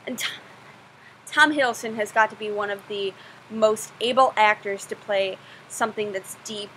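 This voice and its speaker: A woman's voice: medium pitch, normal speed, fairly bright tone, a little hiss or hum, poor audio. A young woman answering viewer questions in a casual vlog, chatty and self-deprecating, gushing about things she loves.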